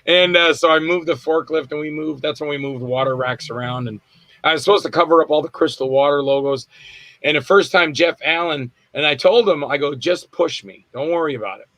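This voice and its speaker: Guy with a bright voice rambling thru stories, acts out quotes, dry sound. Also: fairly high pitch, a little fast, no room sound, rough recording. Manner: rambling anecdotes with acted-out quotes and laughs. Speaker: actor guest. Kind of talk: casual storytelling interview.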